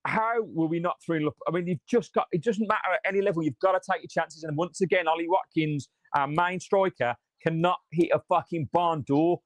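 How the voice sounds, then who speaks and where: A man's voice: fairly high pitch, a little fast, hardly any pauses, dry recording. A man hosting a fan channel, reacting live after a match in a frustrated, sweary rant and reading out viewer comments.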